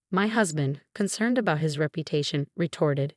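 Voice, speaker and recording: A woman reads a dramatic family story aloud in a measured, scripted manner. Her voice sits somewhat low, and the recording is dry with no room sound. Every part is delivered in the same steady narrating tone. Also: no room sound.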